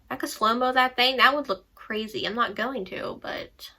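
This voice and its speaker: A woman's voice: on the high side, normal speed, bright, forceful tone, slight background noise. A young woman chatting casually about books in a bubbly, talkative way. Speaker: book vlogger. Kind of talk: casual vlog chat.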